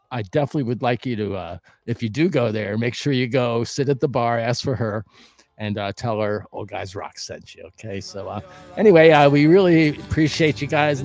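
Older man chatting through a food review. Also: medium pitch. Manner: chatty, rambling with many uh and um fillers; bursts of loud whooping cheers. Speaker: restaurant review host. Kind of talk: casual food review vlog.

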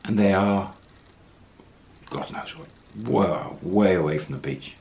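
A man's voice: low-pitched, slow, dull audio. A man casually telling a travel story, acting out the quoted lines as he goes. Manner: anecdotal, acts out quoted lines, chuckles.

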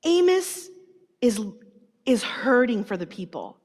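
An earnest, gentle man in a prison Bible study leans in and insists on his point , voiced high by a woman preacher. His explaining is patient and firm, and the long reverb of a large hall trails every word. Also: very animated, slow, heavily acted.

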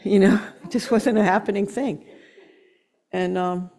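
A middle-aged woman giving an earnest, emotional sermon, slowing down to press her points and laughing at herself now and then. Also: medium pitch, fairly even intonation, warm tone. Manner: earnest, emotional, with slow emphatic stretches and laughs. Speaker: guest speaker.

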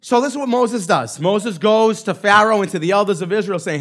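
A man with a notably high voice, preaching to his congregation with lively energy. He slips into the voices of the people in his story and keeps asking okay and right. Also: brisk, few pauses. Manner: animated, acts out quoted voices of the crowd. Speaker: pastor. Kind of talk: sermon.

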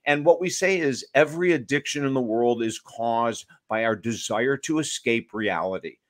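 In a podcast interview, a man who is an author and addiction counselor speaks with emphasis, weaving in stories and lively asides. He has a mid-range voice at a normal speed.

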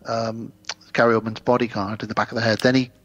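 A man's voice: flat delivery, fast, a bit bright, no room sound, lo-fi sound. A man co-hosting a podcast, casually recapping a film's plot and acting out lines from the scenes. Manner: retells scenes, acting out quotes in higher voices. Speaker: podcast co-host. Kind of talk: casual movie recap chat.

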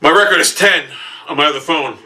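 A man giving profane gameplay commentary while seated, grumbling, then bursting into yelling outbursts. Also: on the high side, fairly quick. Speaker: gamer. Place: seated in a chair while playing.

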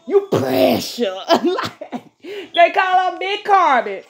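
A woman giving viewers a casual spiritual pep talk, profane and animated, laughing often and breaking into bits of song. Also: very high-pitched, takes it slowly, gravelly, soft background music. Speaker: spiritual vlogger.

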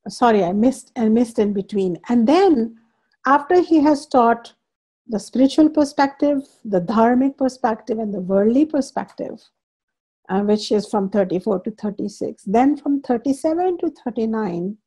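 A woman's voice: fairly high pitch, lively intonation, moderate pace, mellow, husky. A woman spiritual teacher lecturing a scripture class, stressing points by repeating phrases and explaining terms in English as she goes.

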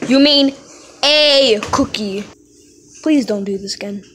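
Brief: woman, comedy skit, bickering and insistent, slightly high pitch. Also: takes it slowly, fairly bright tone, a little hiss or hum.

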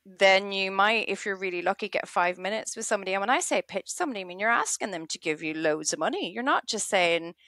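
A woman, an author chatting in an interview, animated and quick to act out little quoted scenes. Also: mid-range voice, dry recording, clean studio sound. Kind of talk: casual interview chat.

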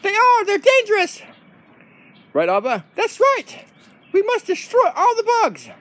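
An excitable little dog with a squeaky, eager voice, as a man puts him on. The pitch sits very high with lively jumps. Recorded outdoors in a backyard. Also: measured pace, exaggerated voice.

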